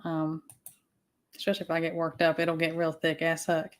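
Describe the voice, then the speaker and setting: A woman's voice: low-pitched, completely flat delivery, moderate pace. A woman with a Southern US accent, hosting a casual livestream chat, rambling with fillers and restarts. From Southern United States. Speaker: livestream host.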